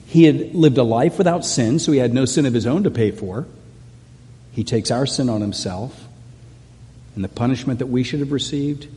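A middle-aged pastor preaches in a church sanctuary, earnest and conversational, circling back over his words as he goes. His voice is mellow and rather dark in tone, and it rings out with a long reverb through the hall. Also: medium pitch. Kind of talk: sermon.

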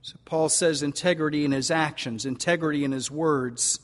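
An older man preaching a sermon as pastor, folksy and animated, stretching out key words for emphasis. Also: on the high side, moderate pace. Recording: long reverb of a large hall.

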